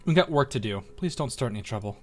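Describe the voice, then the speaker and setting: A man's voice: medium pitch, expressive, quick pace, faint music behind, natural voice. Man reading curt, dismissive police students.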